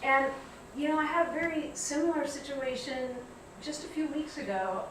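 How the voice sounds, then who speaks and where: A woman giving a reflective public talk, telling stories in a measured way. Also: high-pitched, expressive, heavy reverb, distant mic, a little hiss or hum, low-quality recording. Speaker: guest speaker. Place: lecture hall.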